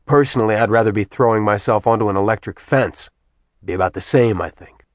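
A bored immortal man drawls dry remarks in a low, quiet voice, as a male narrator plays him. The sound is close and dry. His tone stays weary and wry in this storybook reading. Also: a little fast, no echo, lightly acted. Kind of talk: audiobook character voice.

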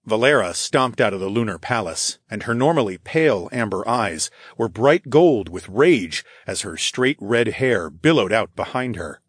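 A man reading a first-person fantasy audiobook in an expressive scripted narration. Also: fairly low pitch, normal speed, hardly any pauses, husky, no room sound, clean studio sound.

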